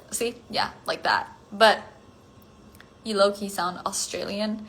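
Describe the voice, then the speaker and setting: Slow, gravelly-voiced young woman chatting. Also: mid-range voice, fairly bright tone, rough recording. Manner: giggly, self-conscious, chatty with many fillers. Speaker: livestream host reading fan comments. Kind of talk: casual livestream chat. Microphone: phone.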